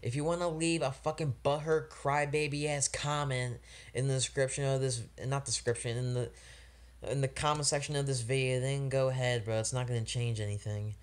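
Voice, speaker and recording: A man's voice: mid-range voice, steady tone, brisk. A young man reviewing an album in a rambling, casual vlog, full of slang and swearing and openly frustrated. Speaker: music reviewer.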